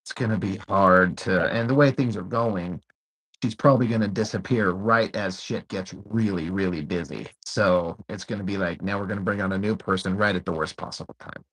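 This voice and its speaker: A man's voice: low voice, a little fast, fairly bright tone, husky, rough recording. A man co-hosting a casual chat, laid-back and swearing freely as he tells stories. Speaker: co-host.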